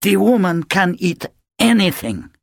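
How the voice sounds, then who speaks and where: A man's voice: high voice, lively intonation, unhurried, dry recording, studio quality, pitched above the performer's own voice. A man voicing a cool, contemptuous mother who talks down to everyone around her. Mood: scornful. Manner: contemptuous, haughty. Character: cool, scornful woman, a mother.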